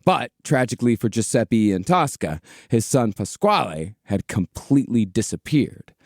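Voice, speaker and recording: A man hosting a comedic history podcast, telling the story in a steady way with casual swearing. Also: mid-range voice, normal speed, dry recording, studio quality. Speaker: podcast host, narrator.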